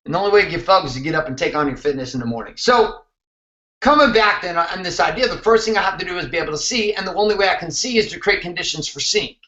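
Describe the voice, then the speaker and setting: A man's voice: sits high, fast, pushed and bright, echoey room, dull audio. A man hosting a motivational show, talking intensely and emphatically, with some swearing. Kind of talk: motivational talk to camera.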